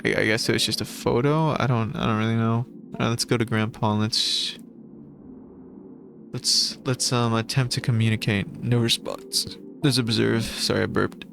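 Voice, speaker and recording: A man streaming a game, reading its text aloud with stumbles and restarts and gushing excitedly about it. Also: medium pitch, moderate pace, gravelly, faint music behind. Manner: excitable, gushes over the game. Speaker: gaming streamer.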